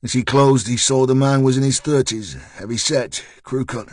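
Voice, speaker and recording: A man narrating a thriller audiobook in a measured, steady storytelling voice. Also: mid-range voice, no room sound, clean studio sound. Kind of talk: scripted narration.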